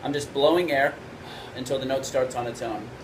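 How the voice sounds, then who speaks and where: A man teaching trumpet basics in a video lesson, explaining in a relaxed way and often checking in with "right?". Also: mid-range voice, fairly quick, noisy background.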